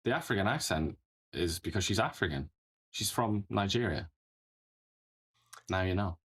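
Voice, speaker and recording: A man with a very low, deep voice chats casually as a political talk show co-host. He rambles, chuckles partway through sentences and often closes a point with a tag question. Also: animated, moderate pace, fairly bright tone, breathy edge.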